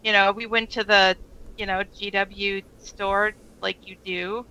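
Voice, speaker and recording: A woman co-hosting a relaxed podcast, talking at an unhurried pace. Her voice is bright and crisp, with a gravelly fry underneath. She rambles along with plenty of fillers. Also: mid-range voice, poor audio. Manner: chatty, rambling storyteller with frequent fillers and laughs. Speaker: podcast co-host. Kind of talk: casual chat.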